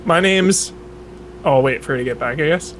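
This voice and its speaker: A player speaking in a deadpan, unhurried way while building a character for a tabletop game. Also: mid-range voice, a little hiss or hum. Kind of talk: casual chat setting up a tabletop game.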